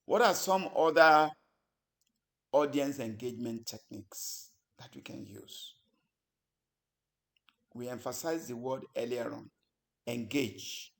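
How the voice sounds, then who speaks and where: Male instructor, unhurried lecture delivery, measured pauses, mid-pitched voice. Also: a bit bright. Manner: deliberate, pausing between phrases. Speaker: public speaking instructor.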